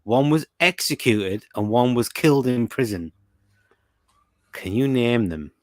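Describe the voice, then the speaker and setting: A man's voice: medium pitch, lively intonation, measured pace, darkish tone, dry recording, clean studio sound. A young British man hosting a casual podcast chat, teasing his co-host and reading out quiz questions and listener comments. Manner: chatty, teasing, reads listener comments aloud.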